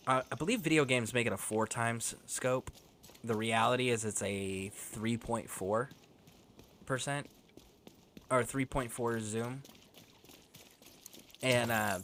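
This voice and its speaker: A male game streamer talking to his chat in a relaxed, rambling way. He laughs often, swears freely, and slips into storytelling between bits of gameplay. His voice sits at an ordinary, middle pitch. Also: a little hiss or hum.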